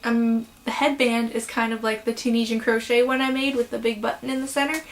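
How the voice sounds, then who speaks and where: A young woman with a slightly high voice talks casually to her camera at home about yarn and crochet. She is chatty and a little apologetic, filling pauses with "um" and "so". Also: little pitch movement, poor audio. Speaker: crochet vlogger. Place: home room.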